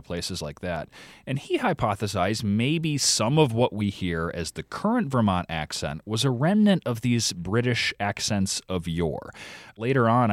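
A man's voice: on the low side, no room sound, clean studio sound. A man reporting for a podcast, explaining and demonstrating speech sounds as a guest on a radio interview.

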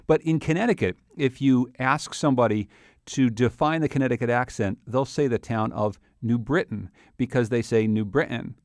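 A man hosting a radio interview, curious and quick to laugh. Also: medium pitch, darkish tone, dry recording, clean studio sound. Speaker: radio host.

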